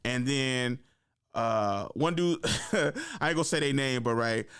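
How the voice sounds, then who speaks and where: A young man hosting a podcast, telling stories in a casual, animated way, full of slang and swearing. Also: medium pitch, unhurried, smooth. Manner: animated, slangy and profane, with frequent "like" and "right?". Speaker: podcast host. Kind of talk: casual storytelling.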